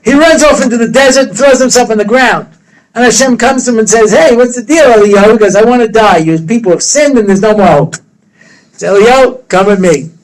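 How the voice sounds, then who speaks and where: A man's voice: extremely high pitch, a little fast, low-quality recording. A man, a rabbi, telling a story in a lecture with humor, acting out the characters' voices. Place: study hall.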